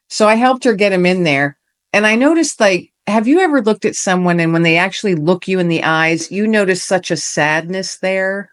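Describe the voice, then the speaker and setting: A woman's voice: on the low side, lively intonation, moderate pace. A middle-aged woman, a podcast guest, telling a personal story in an earnest, heartfelt way and acting out the lines people said. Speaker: podcast guest, author and veteran.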